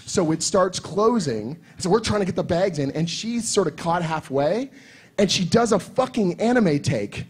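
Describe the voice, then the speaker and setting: A man telling a convention anecdote on a panel, excitable and swearing often, acting out voices as he goes. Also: high voice, normal speed, slightly rough. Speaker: comics writer panelist. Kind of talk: animated storytelling on a convention panel.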